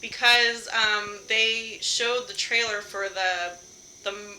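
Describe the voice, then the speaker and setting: A woman's voice: mid-range voice, steady tone, slow, pushed and bright, slight background noise, low-quality recording. A young woman streaming a game from home, chatting casually with her viewers, laughing often and swearing lightly. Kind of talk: casual live-stream chat while gaming.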